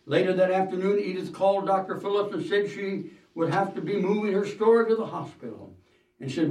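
A man preaching a sermon, telling a story in an earnest, measured way with "uh" fillers and the odd throat-clearing. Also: high-pitched, lively intonation, mellow. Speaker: pastor. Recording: roomy hall, mic at a distance.

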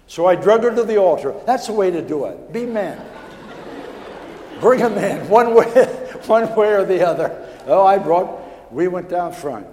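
A man preaching a personal testimony, telling his story in a stammering, animated way that builds in excitement. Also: high-pitched, unhurried, long pauses. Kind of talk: sermon testimony. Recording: echoey hall with long reverb.

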